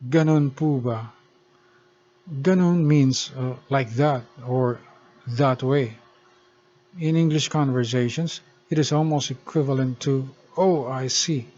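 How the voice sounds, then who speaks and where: A man narrating a language lesson, explaining words and their pronunciation slowly and carefully. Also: fairly high pitch, dark tone. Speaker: language teacher. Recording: dull lo-fi recording.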